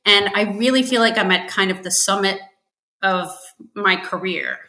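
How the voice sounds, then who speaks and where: Woman podcast guest, lively storyteller, bright tone, slightly roomy sound. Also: medium pitch, normal speed. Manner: chatty storyteller, acts out quotes with laughs. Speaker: podcast guest, finance executive. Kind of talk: casual interview chat.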